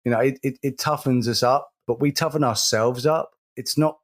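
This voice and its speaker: A man co-hosting a casual podcast speaks earnestly and slowly in a mid-range voice. He repeats words to stress his points.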